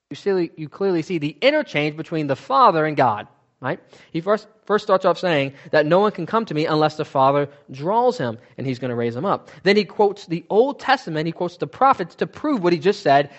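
A man's voice: on the high side, dull audio. A man teaching from the Bible in a sermon, asking questions and answering them himself, stressing key words.

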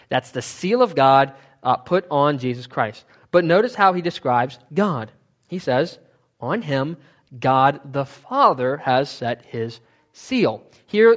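A man's voice: a little high, fairly bright tone, muffled recording. A man teaching from the Bible in a sermon, asking questions and answering them himself, stressing key words.

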